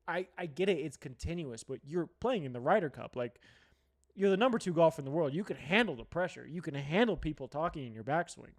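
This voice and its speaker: A man from Colorado hosting a casual sports show, talking in a slightly high voice. He rants bluntly and swears freely. His sentences restart and repeat as he pushes his point. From Colorado, USA. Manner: profane, blunt, ranting with heavy swearing; restless, restarts and repeats himself.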